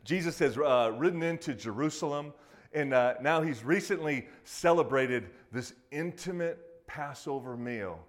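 A man preaching a sermon to a congregation, speaking casually and acting out quoted voices with lively emphasis. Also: a little high, unhurried. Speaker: pastor.

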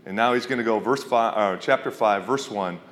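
A man's voice: fairly low pitch, a little fast, fairly bright tone. A male pastor preaching a conversational sermon, often asking his congregation questions. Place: church hall. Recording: reverberant hall.

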